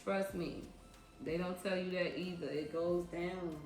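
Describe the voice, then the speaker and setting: A woman's voice: lowish voice, steady tone, darkish tone, soft background music. A woman in her thirties telling casual story-time tales in a frank, emphatic way, with slangy repeats for emphasis. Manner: slangy, drawn-out repetitions. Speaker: vlogger recounting her years as a club dancer. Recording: echoey room with faint ambience.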